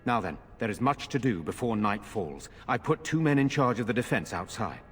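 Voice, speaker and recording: A grave nobleman from a fantasy game, formal and measured in how he speaks. His voice sits fairly low and carries a long reverb tail, as if spoken in a stone hall. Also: big pitch swings, a little hiss or hum. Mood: grateful. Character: grave noble lord, older brother, earnest man. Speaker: video game character.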